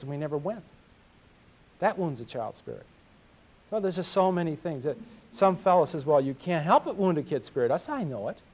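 An earnest middle-aged man delivers a sermon in a confessional way. His voice sits a bit high, and he often stumbles and repeats words. The recording is dull and lo-fi. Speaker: preacher.

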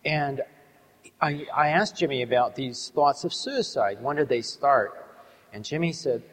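A middle-aged man preaching to an audience, telling a story in an earnest, measured way and slowing down to stress key words. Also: medium pitch, a bit bright. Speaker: Christian ministry speaker. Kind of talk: sermon with a storytelling testimony. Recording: long hall reverb.

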